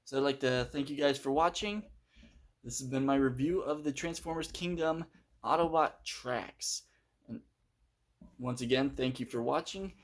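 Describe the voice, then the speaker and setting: A man's voice: medium pitch, normal speed. A man giving a casual, unscripted toy review, hesitant and full of fillers as he handles the figure.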